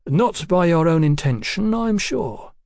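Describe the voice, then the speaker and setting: A male narrator voicing a dry, deliberate Victorian police detective who questions politely and speaks in measured tones. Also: a little high, big pitch swings, creaky, a little mellow, no room sound, pitched above the performer's own voice, heavily acted.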